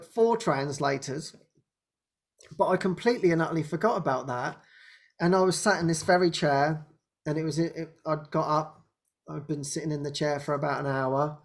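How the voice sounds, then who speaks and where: A man with a somewhat high voice hosts an online spiritual talk show. He tells his story casually over a video call, rambling, laughing often, and sinking to a soft hush when he reaches the tender parts. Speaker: host. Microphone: video call microphone.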